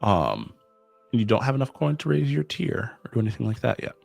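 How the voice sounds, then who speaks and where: A young man acting as game master, reading out rules in an even, measured way. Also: mid-range voice, creaky, dry recording, faint music behind. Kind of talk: explaining game rules at a tabletop session.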